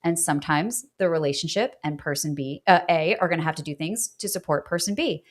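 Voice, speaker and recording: A woman's voice: sits low, fairly quick. Chatty woman podcast host. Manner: animated, rising into laughter, chatty with fillers. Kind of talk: casual interview chat.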